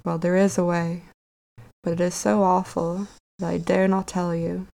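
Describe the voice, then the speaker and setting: A woman voicing an old, weary rose tree in a storybook tale, speaking slowly and solemnly. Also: lowish voice, level tone, vocal fry, mellow. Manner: slow, solemn storybook recitation.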